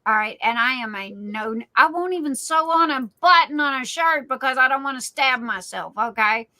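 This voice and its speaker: A middle-aged woman chatting casually as a guest, with a bright, fairly high voice. She rambles through her stories and stumbles over repeated words. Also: lively intonation, normal speed, low-quality recording. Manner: chatty storyteller, repeats words and restarts often. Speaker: guest on a live chat stream. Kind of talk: casual chat.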